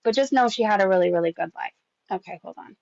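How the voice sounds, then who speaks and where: A woman's voice: medium pitch, quick pace, darkish tone, dry recording, dull audio. A woman hosting a casual gossip commentary, chatty and swearing with frequent laughs.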